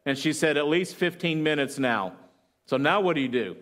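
A man with a somewhat high voice preaches to his congregation. He tells a long story aloud and quotes the people in it, with fillers and restarts along the way. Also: animated, fairly bright tone. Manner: retells a story with quoted lines, halting fillers. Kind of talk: sermon storytelling.

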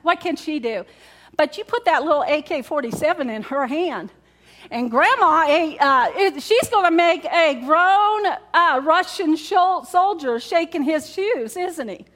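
Speaking a little slowly, this woman has a very high-pitched, animated voice with a fairly bright tone. As a pastor addressing her congregation in church, she preaches casually, repeats key words, and poses questions to those gathered.

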